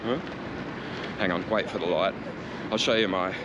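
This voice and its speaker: A man's voice: low voice, steady tone, normal speed, muffled recording. An Australian man vlogging while cycling city streets, chatting casually with sarcastic, sweary asides. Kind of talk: casual ranting commentary while riding. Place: outdoors on a city street, riding a bike. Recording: street and traffic noise behind.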